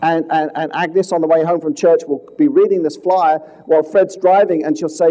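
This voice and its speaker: A man with a high, mellow voice gives a presentation on fraud. He tells the case like a story, firing rhetorical questions at the room and then dropping to a hush for the key lines. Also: steady tone, moderate pace, hardly any pauses, low-quality recording. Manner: dramatic storytelling with rhetorical questions and sudden swings from loud to hushed. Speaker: fraud investigator speaking to police.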